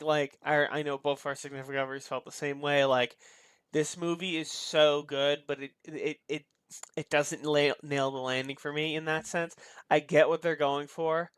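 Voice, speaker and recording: Smooth-voiced man in casual chat. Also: a little high, measured pace, no room sound. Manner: relaxed, hesitant, restarts and swears casually. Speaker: podcast co-host reviewing a film.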